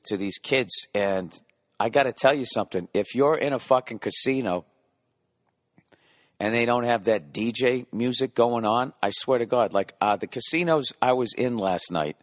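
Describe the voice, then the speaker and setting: A man's voice: lowish voice, no room sound, clean studio sound. A man in his forties hosting a podcast in a rambling comedic monologue, swearing freely, mimicking club beats with his mouth and heckling himself in asides. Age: 40s. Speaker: podcast host.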